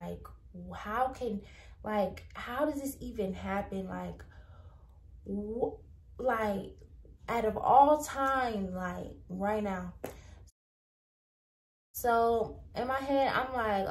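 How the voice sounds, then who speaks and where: A young woman tells a storytime vlog in an animated rush, full of "like" and "I'm like." Her voice sits at a middle pitch. The room around her is echoey. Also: takes it slowly, recorded from a distance. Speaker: vlogger.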